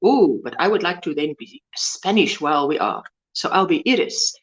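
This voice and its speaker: A woman's voice: low-pitched, big pitch swings, moderate pace. A woman hosting a casual live-stream chat, greeting viewers and reading their comments aloud. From South Africa. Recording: dull lo-fi stream audio.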